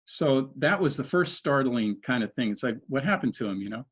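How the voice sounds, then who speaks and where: A man's voice: medium pitch, lively intonation, brisk, breathy edge. A man in his sixties, a podcast guest, earnestly recounting events step by step in conversational storytelling, often restarting his sentences. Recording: dull lo-fi audio.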